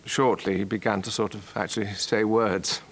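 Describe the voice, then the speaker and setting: An older man reminiscing about an old friend in an interview, halting and repeating words, chuckling between phrases. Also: lowish voice, little pitch movement, fairly bright tone. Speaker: actor recalling an old friend.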